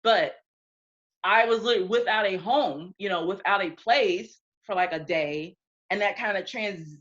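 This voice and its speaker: A woman's voice: medium pitch, moderate pace, highs cut off. A woman from the United States telling stories in a casual interview, laughing, swearing and acting out what people said. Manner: animated, laughing, swearing, acts out quotes. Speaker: interview guest.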